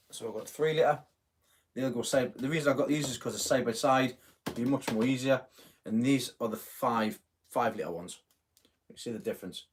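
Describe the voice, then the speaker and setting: A man's voice: medium pitch, slightly rough. A middle-aged man hosting a casual live stream, chatting in a rambling way, full of fillers and self-corrections. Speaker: host of a live gardening stream.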